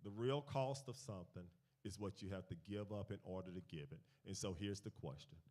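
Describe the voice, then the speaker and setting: Speaking fairly quickly in a fairly low voice, a man delivers a finance sermon at a church gathering. He leads call-and-response, returns to key phrases, and tells stories with animation that shifts from hushed to loud.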